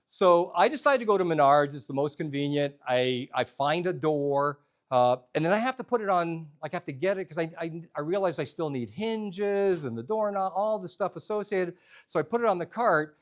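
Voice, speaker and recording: A man's voice: fairly high pitch, animated, moderate pace. A man telling a comic story at a live workshop, self-deprecating and humorous. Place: workshop room with a live audience.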